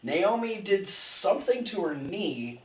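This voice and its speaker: A man's voice: sits high, sing-song, slow. Rambling man on a distant, roomy mic. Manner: rambling recap with frequent restarts. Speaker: podcast co-host. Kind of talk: casual wrestling recap chat.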